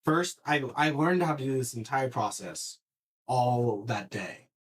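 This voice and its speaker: A man on a laid-back podcast tells a story with lots of energy, cursing freely and frequently starting his sentences over. His voice sits at a medium pitch and he takes his time.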